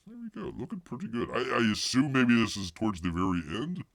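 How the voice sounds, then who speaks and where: A man's voice: mid-range voice, big pitch swings, fast talker, a bit bright, dry recording, clean studio sound. A man hosting a casual livestream, rambling with jokey asides and calling himself by name in the third person. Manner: jokey asides and silly voices. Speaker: livestream host.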